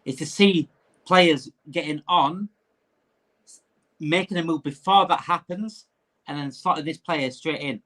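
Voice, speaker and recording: Give me a man hosting a live stream, animated and ranting, with a slightly high voice. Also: a little slow, long pauses. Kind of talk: casual live-stream chat.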